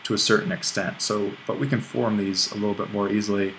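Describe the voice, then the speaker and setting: Low-voiced man teaching a grammar lesson. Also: quick pace, a little hiss or hum, low-quality recording. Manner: relaxed explaining, with restarts and small self-corrections. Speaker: Greek language instructor. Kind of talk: recorded online lesson.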